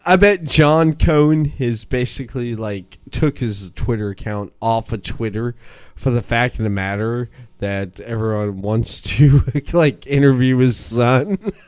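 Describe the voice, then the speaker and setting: A man's voice: mid-range voice, a little slow, darkish tone, smooth, dry recording, studio quality. A man hosting a podcast, chatting casually with lots of laughing and rambling asides. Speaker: podcast host. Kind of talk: casual chat.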